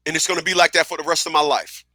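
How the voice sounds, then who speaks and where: A man's voice: on the high side, level tone, rapid-fire, pushed and bright, no echo. A man hosting a radio talk show, speaking bluntly and emphatically with profanity and lots of repetition. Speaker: radio host. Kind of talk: casual talk radio monologue.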